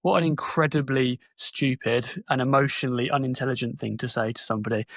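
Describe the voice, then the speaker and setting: A man's voice: mid-range voice, fairly even intonation, fast, gravelly, no room sound, studio quality. A man hosting an interview podcast, direct and opinionated with a sardonic edge. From Britain. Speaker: podcast host.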